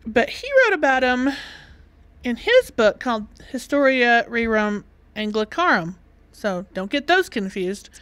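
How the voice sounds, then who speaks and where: A woman's voice: fairly high pitch, very animated, measured pace, a bit bright, smooth, dry recording. A woman with a Southern US accent, co-hosting a podcast in casual chat and laughing often. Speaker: podcast co-host.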